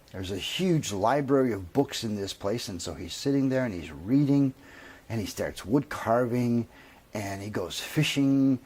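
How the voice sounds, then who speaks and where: A man telling a long comic story in a lively, drawn-out way. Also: medium pitch, slightly rough. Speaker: comedian.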